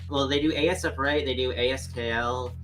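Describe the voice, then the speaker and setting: A man talking as a podcast guest in casual chat, halting, with many restarts and filler words. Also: medium pitch, fairly even intonation, over music.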